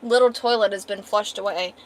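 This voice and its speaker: A woman's voice: medium pitch, steady tone, fairly quick, slight background noise. A woman streamer in casual live-stream chat, trading profane, playful mock-angry banter.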